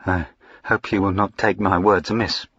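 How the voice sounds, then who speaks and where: A man reading aloud, voicing a pompous, hot-tempered country squire who blusters loudly and shrilly. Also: low-pitched, fairly even intonation, moderate pace, breathy edge, dry recording, dull audio. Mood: mumbling.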